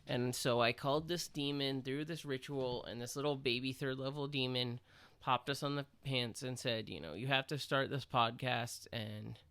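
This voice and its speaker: A man co-hosting a podcast, rambling through an absurd deadpan mock apology. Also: mid-range voice, moderate pace, hardly any pauses, clean tone. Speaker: podcast co-host. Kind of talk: absurd comedy monologue.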